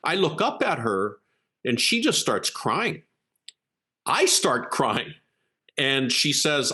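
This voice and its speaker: A man's voice: mid-range voice, slow, pauses often. A man, a keynote speaker and executive coach, telling an earnest story as an interview guest and acting out the quotes. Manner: earnest, animated storyteller who acts out quotes.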